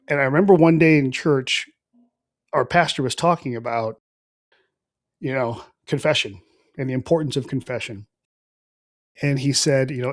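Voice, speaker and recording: Middle-aged male guest, earnest testimony, mid pitch, dry close mic. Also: dry recording. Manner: earnest, reflective, with frequent fillers and soft trailing phrases. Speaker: podcast guest. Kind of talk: conversational spoken testimony.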